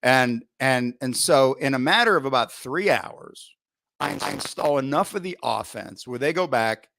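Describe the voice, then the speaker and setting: Middle-aged male coach, relaxed storyteller, mid-range voice, dry close sound; fits a podcast guest spinning old sideline tales. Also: mid-range voice, unhurried, vocal fry, dry recording. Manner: lively storyteller, frequent "right?" asides, occasional swearing. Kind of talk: casual anecdote storytelling.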